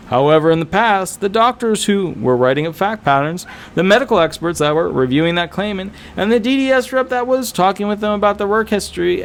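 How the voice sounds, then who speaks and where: A man's voice: high voice, a little fast, few pauses. Emphatic man giving blunt advice, faint hiss. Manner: animated, emphatic and repetitive, with frequent fillers. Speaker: disability attorney. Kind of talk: casual advice talk to camera.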